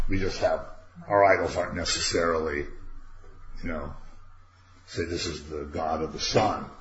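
Man, low voice, Bible class teacher, conversational, rhetorical questions, dull lo-fi recording, faint hiss. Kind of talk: casual Bible study teaching.

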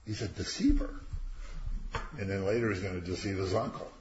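A man's voice: sits low, fairly quick, pauses often, a little mellow, a little hiss or hum. A man leading a casual Bible class, commenting on a reading and acting out the characters with slangy voices. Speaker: Bible teacher. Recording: roomy, dull lo-fi classroom recording.

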